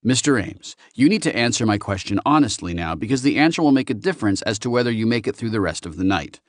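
A man voicing a menacing male hired criminal who gives cold, matter-of-fact commands, in a lowish, dry voice. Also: very animated, quick pace, no echo.

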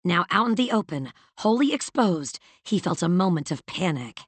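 Low-voiced woman narrating a novel. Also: sing-song, normal speed, husky, no room sound. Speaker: audiobook narrator. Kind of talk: scripted narration.

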